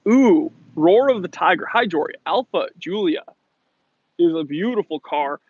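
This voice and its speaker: A man's voice: high voice, expressive, unhurried, darkish tone, husky, muffled recording. A man hosting a casual livestream Q&A about watches, playful and chatty, reading out viewer comments. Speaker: watch channel host. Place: Los Angeles.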